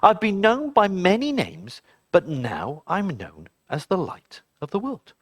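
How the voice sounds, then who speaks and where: A storyteller voicing a kind, calm male candle who speaks slowly and softly. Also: medium pitch, no room sound, clean studio sound. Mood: gentle. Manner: soft, slow and pleading.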